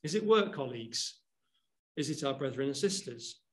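A man's voice: mid-range voice, expressive, moderate pace. A man giving a sermon, reading Bible verses aloud and explaining them with questions to his listeners. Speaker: preacher.

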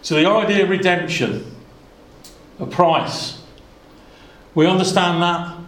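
Guy preaching a bible sermon, kinda high voice, lots of asides, echoey room. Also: fairly even intonation, slow, a bit bright. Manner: earnest, conversational, many asides and restarts.

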